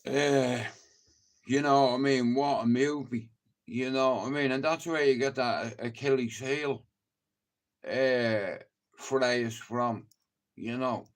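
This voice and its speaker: A man's voice: medium pitch, steady tone, slow. A man with a Dublin accent, rambling and swearing through a casual live-stream chat. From Ireland. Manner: rambling and heavily profane, chatty storytelling.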